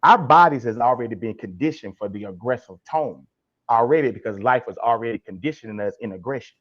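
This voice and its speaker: A man speaking as a guest life coach in a podcast interview, emphatic and preachy, acting out blunt tough-love lines. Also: mid-range voice. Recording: dull lo-fi sound.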